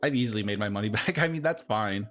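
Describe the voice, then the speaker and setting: A man streaming live, chatting casually and rambling while he opens a box of cards, getting excited and laughing often. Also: lowish voice, fast talker, faint music behind. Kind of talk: casual livestream chat while opening cards.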